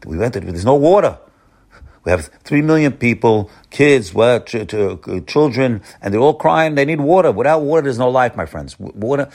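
A man giving an informal Torah lesson as a rabbi, repeating words often, rising for emphasis and then dropping low. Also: animated, moderate pace, darkish tone.

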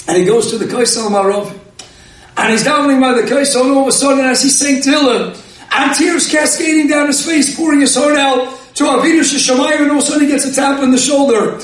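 A man, a rabbi, preaching a story-filled sermon, animated and often shouting with excitement. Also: very high-pitched, fast. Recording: echoey hall from far off.

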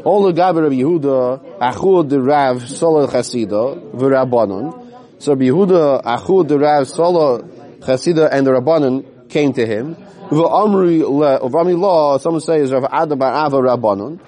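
Speaking in a mellow, mid-range voice, a man leads a Talmud class in a study hall. After a slow reading of the Aramaic he explains it plainly in English, sometimes stumbling and beginning the passage again.

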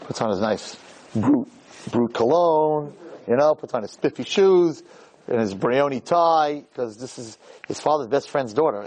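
Playing a rabbi teaching a class, a man delivers a humorous sermon, telling a story with acted-out dialogue and addressing his listeners directly. His mid-range voice is a little mellow, and the recording is rough.

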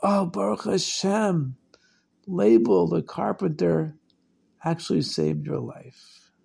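A man's voice: high-pitched, takes it slowly, vocal fry, darkish tone, breathy edge, heavily acted. A man voicing a frantic, worried father who exclaims in alarm and relief. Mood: relieved, excited. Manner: anxious, exclaiming.

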